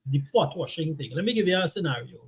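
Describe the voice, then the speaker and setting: A man's voice: a little high, animated, fast, gravelly. A man co-hosting a live relationship talk show, explaining his views at length and telling stories from home in casual chat.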